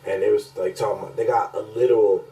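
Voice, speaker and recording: A man's voice: on the low side, steady tone, quick pace, dark tone, poor audio. A man co-hosting a podcast in casual chat, rambling and profane, often laughing as he talks. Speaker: podcast co-host.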